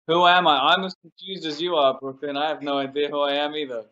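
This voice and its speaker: A man's voice: a little high, fairly even intonation, fast, sharp tone, dull audio. A British man being interviewed as an actor, chatting casually and joking, laughing easily.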